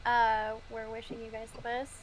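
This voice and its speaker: Brief: woman player, slightly high voice, excitable, background noise audible. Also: moderate pace, poor audio. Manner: loud, excitable outbursts. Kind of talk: casual chat.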